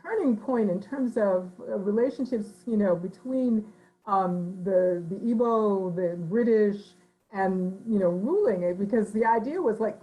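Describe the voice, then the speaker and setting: A woman author answering interview questions in an animated, thoughtful way, with frequent fillers, who slips into voices when quoting people. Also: mid-range voice, a little slow, low-quality recording.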